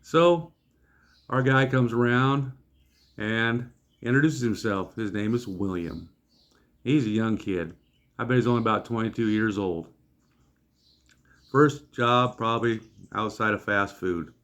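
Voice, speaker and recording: A man's voice: lowish voice, a little slow, pauses often, fairly bright tone. Folksy man telling a story. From Iowa. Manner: folksy, wry, acts out voices of others. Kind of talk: comedic anecdote storytelling.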